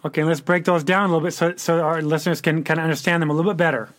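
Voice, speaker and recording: A man's voice: on the high side, flat delivery, racing, fairly bright tone, no room sound. Chatty podcast host, a man. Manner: chatty, stumbling over words. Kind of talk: casual interview hosting.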